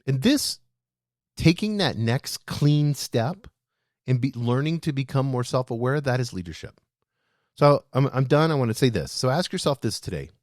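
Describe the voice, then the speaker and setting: A man hosting a leadership show, speaking straight to his listeners in a lively, animated way. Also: mid-range voice, moderate pace, dry recording, clean studio sound. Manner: animated, addresses listeners as "guys". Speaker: podcast host.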